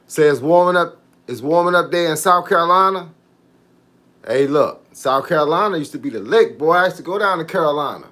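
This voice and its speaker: Animated and a little fast, this fitness coach has a sharp, somewhat high voice. He keeps things laid-back on his livestream, frequently starting with "hey, look" and reading and answering what his viewers comment.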